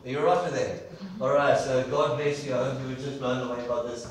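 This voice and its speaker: A man's voice: medium pitch, steady tone, brisk, a little hiss or hum. A man preaching an enthusiastic sermon in a church, repeating words for emphasis. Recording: echoey church hall from far off.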